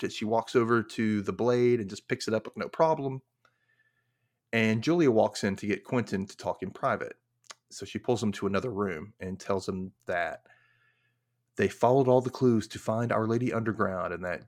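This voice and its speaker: Man, low voice, casual recap chat, chatty, lots of fillers, acts out quotes. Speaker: podcast host.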